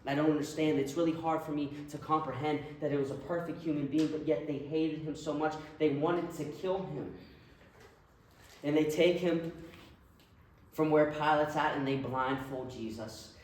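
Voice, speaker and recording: A man's voice: on the high side, steady tone, moderate pace, a little hiss or hum. A man preaching a sermon, retelling a story earnestly and vividly. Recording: very echoey room, mic far off.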